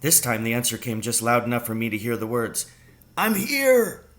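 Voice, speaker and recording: A man reading a children's novel aloud, telling the story slowly and deliberately. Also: mid-range voice, level tone, a bit bright. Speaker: reader.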